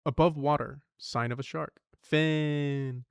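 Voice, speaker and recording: Young guy slowly mumbling his way thru word puzzles, swears a lot, smooth clear voice, dry close sound. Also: on the high side, fairly even intonation, no echo. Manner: thinks aloud, swears, mutters clues to himself. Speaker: streamer. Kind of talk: casual puzzle-solving stream.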